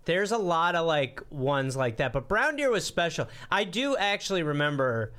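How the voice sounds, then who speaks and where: Lively man with high voice. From Wisconsin, USA. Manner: animated, slips into quick mocking voices. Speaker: podcast guest. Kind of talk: casual comedic chat.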